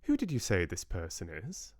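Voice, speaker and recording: A man's voice: low-pitched, normal speed, no room sound, studio quality, exaggerated voice. A man doing a poised drawling grandmother. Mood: thoughtful. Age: older. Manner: drawling, calm and shrewd. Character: poised elegant grandmother with soft southern drawl.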